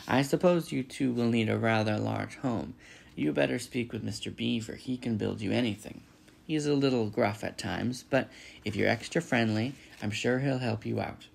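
A man's voice: mid-range voice, vocal fry, slightly rough. A man reading a storybook, voicing a bossy, protective female goose. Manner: brisk, firm advice-giving.

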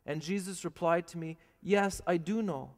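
A man's voice: high-pitched, normal speed, a little mellow, long reverb tail. A man, a priest, giving a televised sermon in an earnest, plain-spoken way, asking his listeners questions.

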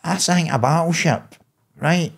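A man's voice: fairly high pitch, unhurried, vocal fry, breathy edge, voice pushed up, heavily acted. A man retelling a boastful deluded cellmate. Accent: Glaswegian. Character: rambling deluded male cellmate claiming to be a ninja.

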